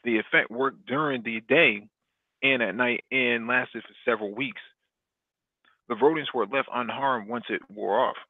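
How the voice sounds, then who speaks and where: A man's voice: medium pitch, moderate pace, no room sound. A man in a mid-range voice reads a science news story aloud as host, often catching himself and restarting words. His voice comes through a dry, thin, phone-like line. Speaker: podcast host. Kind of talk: reading a news article aloud.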